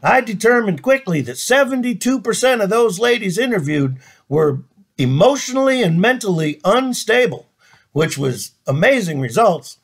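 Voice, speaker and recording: Casting: folksy comedian host, fairly high voice, spinning a yarn. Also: male voice, very animated, normal speed. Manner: folksy, drawling, joking. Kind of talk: comic storytelling monologue.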